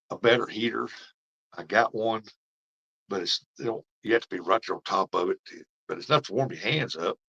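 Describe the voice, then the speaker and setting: A man's voice: low-pitched, sharp tone. A middle-aged man, chatting casually with viewers and telling folksy stories with frequent laughs. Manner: folksy storytelling, laughs often. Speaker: fishing vlogger. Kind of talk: casual live chat with viewers. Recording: dull lo-fi stream audio.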